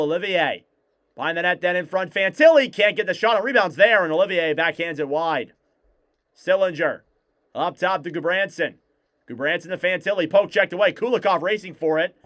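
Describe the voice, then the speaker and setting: A man calling live hockey play-by-play on a fan stream, in rapid clipped play calls that rise on shots. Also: on the high side, a bit bright. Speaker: play-by-play commentator.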